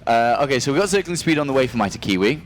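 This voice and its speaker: A man's voice: medium pitch, lively intonation, very fast, slight background noise. A man casting a live esports match in a laid-back, joking banter style. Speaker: esports caster. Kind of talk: live game commentary.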